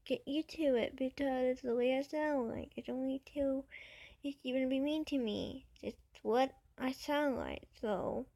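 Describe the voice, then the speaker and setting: Woman vlogger, childlike voice sitting a little high, slow and halting, defensive. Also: expressive, vocal fry, warm tone. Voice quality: babyish, childlike voice. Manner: hesitant, defensive, many fillers. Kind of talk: casual talk to camera.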